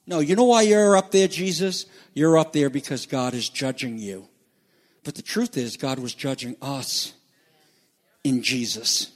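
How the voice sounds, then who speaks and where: A man preaching a sermon, with dramatic swings from loud declarations to hushed, quiet lines. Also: medium pitch, a little slow. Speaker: pastor. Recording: echoey hall reverb.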